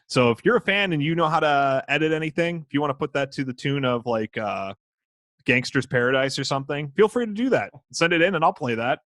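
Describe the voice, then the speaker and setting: A man's voice: on the high side, animated, a little fast, a bit bright, no echo, clean studio sound. A man co-hosting a casual podcast, goofy and playful, joking between topics. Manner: goofy, playful, sings and barks. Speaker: podcast co-host. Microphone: podcast mic.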